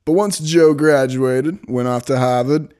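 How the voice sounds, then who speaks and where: A man's voice: medium pitch, unhurried, darkish tone, clean tone. A man with a Boston accent co-hosting a casual comedic history podcast, reading his script in a loose, profane, laughing manner.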